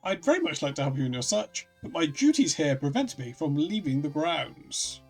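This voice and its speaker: A man's voice: fairly high pitch, very animated, moderate pace, breathy edge, soft background music, heavily acted. A man doing a deferential, formal old butler. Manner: deferential, formal servant speech. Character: dutiful, formal older male butler. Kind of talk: reading game dialogue aloud.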